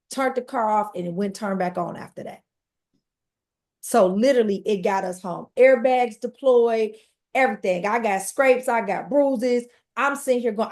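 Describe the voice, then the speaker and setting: A woman tells her personal story as a podcast guest. Her voice is gravelly, with a middling pitch. She talks in a lively, conversational way and acts out the quotes. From Detroit.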